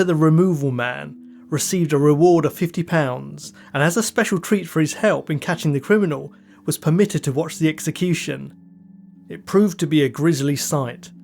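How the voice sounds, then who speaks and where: A man's voice: on the high side, creaky, darkish tone. Man narrating true crime over music. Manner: measured, dry storytelling with wry asides. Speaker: podcast host.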